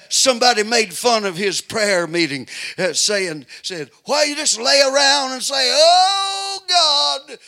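An older man preaching a fiery revival sermon, moving from folksy storytelling to shouted exhortation. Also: high-pitched.

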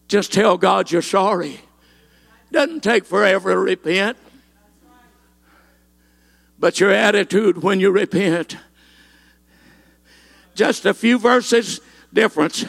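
Male preacher, very high gravelly voice, impassioned delivery peppered with "uh". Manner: impassioned, with frequent "uh" fillers and rising shouted peaks. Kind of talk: sermon.

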